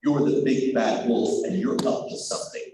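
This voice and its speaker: A man's voice: mid-range voice, fairly even intonation, normal speed, pitched below the performer's own voice, close to an everyday voice. A man voicing a stern, stubborn male miller who speaks in a firm, refusing manner, in a storybook tale. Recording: echoey room, far mic, noisy.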